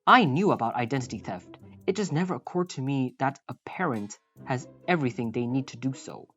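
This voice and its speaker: A woman's voice: a bass voice, expressive, a little fast, fairly bright tone, slightly rough. A woman reading a reddit story aloud, with wry, apologetic asides. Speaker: story narrator. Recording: slightly muffled, faint background music.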